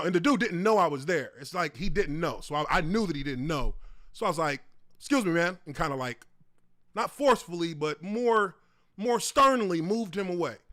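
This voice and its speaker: This show host's voice sits high and comes through clean, with no room sound and studio quality. He swears freely while riffing on a video clip, staying animated and addressing the audience head-on.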